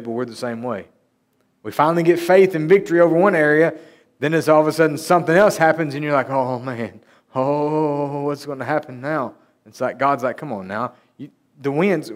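Earnest man preaching. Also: medium pitch. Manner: earnest and conversational, lifting his voice when reading scripture aloud. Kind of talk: sermon with Bible reading. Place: church service.

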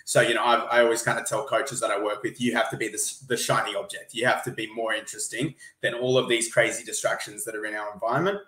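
A man's voice: lowish voice, fairly even intonation, fast talker, hardly any pauses, bright, forceful tone, echoey room, low-quality recording. An Australian man, a gymnastics coach, answering interview questions in a friendly, easygoing way. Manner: friendly, easygoing, self-correcting restarts. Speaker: gymnastics coach, podcast guest.

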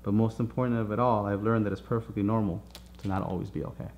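A man reading his own children's book aloud in a soft, reassuring storybook manner. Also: on the low side, fairly even intonation, fast talker, noisy background.

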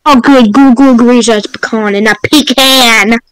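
A man's voice: extremely high pitch, fairly even intonation, moderate pace, a bit bright, smooth, no echo, rough recording. A male podcast co-host chatting casually, joking around and rambling. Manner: goofy, joking, rambling with lots of "bro" and "like". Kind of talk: casual chat.

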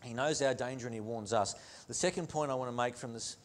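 A man's voice: medium pitch, quick pace. A male pastor preaching a sermon in a church, earnest, with repeated phrases and rhetorical questions. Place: church sanctuary.

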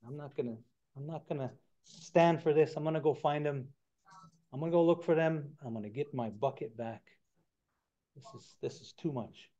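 A man voicing a hot-tempered male trickster coyote from a told story, indignant and loud. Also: on the high side, normal speed, highs cut off, lightly acted. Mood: angry. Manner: shouting, indignant, then mocking.

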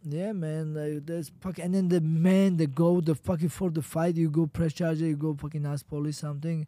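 A man in his thirties with a Georgian accent, talking in halting, broken English as an interview guest, swearing freely as he tells stories. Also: on the high side, little pitch movement, warm tone, dry recording. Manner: halting broken English, swears a lot, acts out heckler quotes. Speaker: guest fighter. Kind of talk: casual interview.

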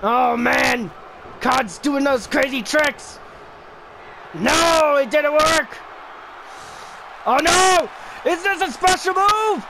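A man giving excited play-by-play commentary on a wrestling video game match, often shouting and exclaiming. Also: very high-pitched, takes it slowly, vocal fry, pauses often. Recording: noticeable background noise.

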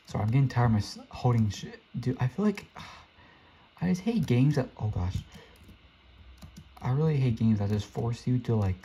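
A man's voice: medium pitch, animated, normal speed, pauses often, mellow. A young man giving casual, rambling commentary as he plays a game, often frustrated and talking to himself. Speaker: gaming streamer. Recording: dull lo-fi mic with faint hiss.

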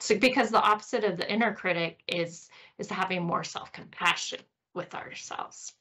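A woman hosting a podcast, teaching a course session in a gentle, explaining way with frequent tag questions. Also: medium pitch, vocal fry. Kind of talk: teaching a recorded course talk.

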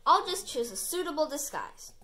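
A woman reading a storybook aloud, voicing a goofy prankster man in a loud, bouncy voice. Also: sits high, very animated, normal speed, pitched above the performer's own voice. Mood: playful.

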